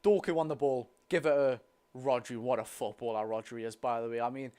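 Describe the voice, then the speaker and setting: A young man with a Geordie accent doing a live watch-along of a football match, chatty and excitable, talking to his viewers. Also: mid-range voice, fairly quick, smooth. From North East England. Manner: excitable, chatty, talks to the chat and the lads. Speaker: football fan streamer.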